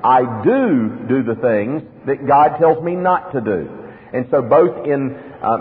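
A male pastor preaching an expository sermon, asking rhetorical questions and acting out little dialogues. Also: mid-range voice. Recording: tinny lo-fi sermon recording in a reverberant hall.

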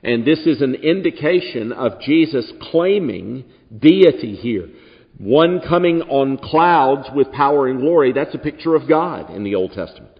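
A male pastor preaching a sermon to a congregation, emphatic, slowing down to stress key words. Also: medium pitch, expressive. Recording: distant hall reverb, dull lo-fi sound.

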